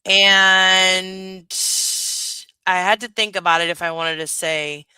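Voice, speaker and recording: A woman hosting a casual reaction commentary, talking bluntly and profanely. Her voice is bright and forceful. The sound is close and dry, with no room around it. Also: lowish voice, slow pace, clear, resonant tone, no room sound. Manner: blunt, profane, laughing, animated. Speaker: commentary channel host.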